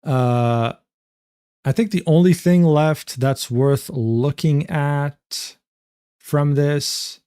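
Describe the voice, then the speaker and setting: A man's voice: fairly high pitch, very slow, dark tone, clear, resonant tone. A young man reacting to a clip on stream, incredulous and swearing, breaking into laughter often. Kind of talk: casual reaction commentary.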